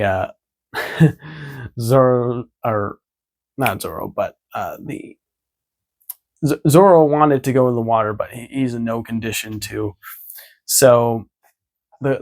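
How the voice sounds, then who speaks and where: Male vlogger, casual recap, rambling, mid pitch. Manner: rambling, many fillers.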